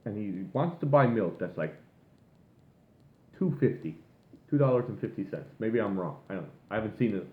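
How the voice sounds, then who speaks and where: A man's voice: fairly low pitch, lively intonation, moderate pace, pauses often. A man ranting casually and at length, rambling and swearing as he goes. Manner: rambling, profane, exasperated. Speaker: vlogger. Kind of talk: casual rant. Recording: echoey room, tinny phone-like sound.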